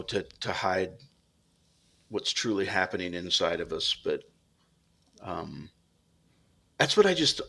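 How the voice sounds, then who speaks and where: Earnest low-voiced man. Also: vocal fry, a bit bright. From United States. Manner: earnest, reflective, halting with restarts. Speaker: podcast guest, reserve police officer. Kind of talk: casual interview talk.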